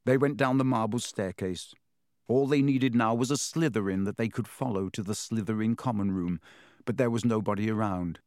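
Steady male audiobook narrator, dry sound. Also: lowish voice, no echo. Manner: steady, measured reading. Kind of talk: scripted narration.

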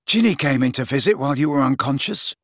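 A man's voice: medium pitch, expressive, fast, no echo, clean studio sound. A man reading an audiobook, voicing an easygoing teenage boy with a casual, reasonable, teasing manner. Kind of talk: audiobook character voice.

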